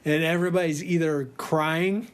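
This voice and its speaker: A man telling a tour story in a casual, animated way, laughing often and swearing freely. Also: fairly high pitch, normal speed, clean tone.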